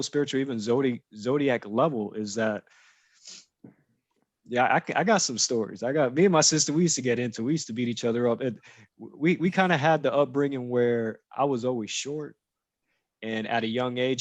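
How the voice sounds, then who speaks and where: A man's voice: medium pitch, no room sound. Man, casual podcast storytelling, rambling, dry close sound. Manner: relaxed, rambling, checks in with listeners. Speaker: podcast guest.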